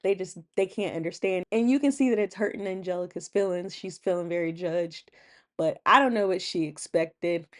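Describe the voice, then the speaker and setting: A woman's voice: lowish voice, normal speed. A woman hosting her own channel, chatting casually through a TV episode recap and acting out the quotes with a laugh.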